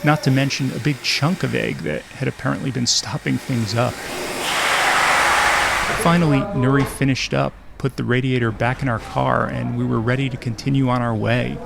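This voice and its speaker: A man's voice: mid-range voice, fairly even intonation, moderate pace, creaky, very noisy. A man narrating his travel podcast in a scripted, wry storytelling manner with dry humor.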